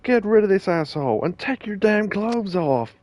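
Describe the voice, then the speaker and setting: A man voicing a sleazy middle-aged male talent agency boss with a slow, leering, cartoonish voice. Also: sits high, animated, darkish tone, voice pushed up. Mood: bossy. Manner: slow, leering growl pushed into a Homer-like voice.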